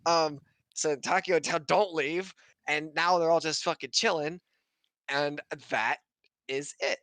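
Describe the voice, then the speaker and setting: Guy on a podcast stream rambling through a recap, swears a lot, laughs, bright voice, dry close sound. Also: on the high side, steady tone, no room sound. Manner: swearing, laughing, acting out characters in quick voices. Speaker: podcast co-host recapping an episode. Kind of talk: casual chat, recap. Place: home setup on a stream.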